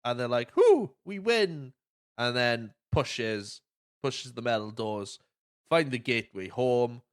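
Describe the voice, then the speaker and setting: A man's voice: mid-range voice, steady tone, a little slow, fairly bright tone, smooth. A man hosting a podcast, chatting casually about a movie, swearing often and acting out quotes. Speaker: podcast host.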